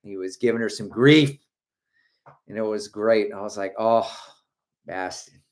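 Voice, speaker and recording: A man's voice: lowish voice, moderate pace. A middle-aged man hosting a running livestream, reading viewer comments aloud in a chatty, joking way and laughing often. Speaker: running channel host.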